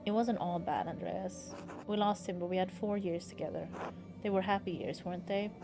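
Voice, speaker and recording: Brief: gentle wife from memory, read by a woman, soft and quiet, game music underneath. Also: lowish voice, moderate pace, lightly acted. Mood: tender.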